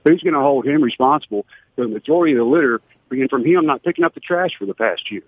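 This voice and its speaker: Guy ranting fast on a call-in, husky, tinny phone line. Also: mid-range voice, animated, no room sound. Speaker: caller.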